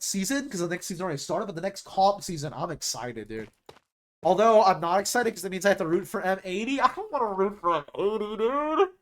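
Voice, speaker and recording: A young man streaming, chatting casually and rambling about esports rosters, restarting his sentences often. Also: high-pitched.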